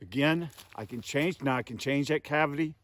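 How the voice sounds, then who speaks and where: A man's voice: a little high, moderate pace, a bit bright, a little hiss or hum. A man teaching a hands-on goose calling lesson outdoors, folksy and emphatic, calling his viewers "guys".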